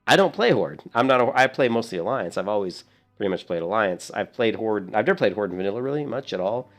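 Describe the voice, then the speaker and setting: A man in his thirties, a streamer telling a rambling, animated story in casual gameplay commentary. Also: on the low side, fast.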